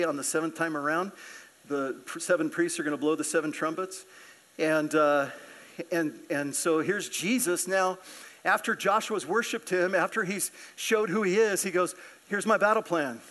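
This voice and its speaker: Brief: a pastor with a high voice, animated, acting out the scripture. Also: male voice, normal speed. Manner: animated, acts out scripture characters. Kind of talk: sermon. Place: church sanctuary.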